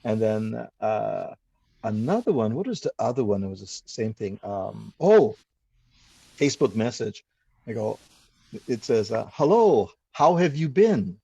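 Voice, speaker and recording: A man's voice: lowish voice, unhurried, gravelly, pauses often, breathy edge, no echo. A man, hosting a casual chat and telling stories that act out what people said. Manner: animated storyteller who acts out quoted exchanges. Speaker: host. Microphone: video call.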